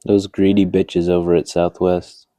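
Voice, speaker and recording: A man playing a dry, deadpan late-night talk show host in an improvised comedy sketch, answering with low-key remarks. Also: a little slow, no echo.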